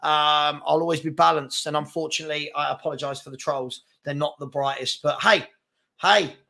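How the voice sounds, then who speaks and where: A man's voice: on the high side, monotone, brisk, creaky, pushed and bright. A man hosting a live fan chat show, chatty and brash as he reads comments and takes on trolls. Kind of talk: casual live-stream chat reading comments.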